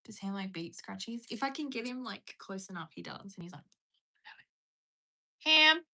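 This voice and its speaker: A woman's voice: medium pitch, animated, brisk, vocal fry. A young British woman chatting casually on a live stream, giggly and rambling, calling out to her pet now and then.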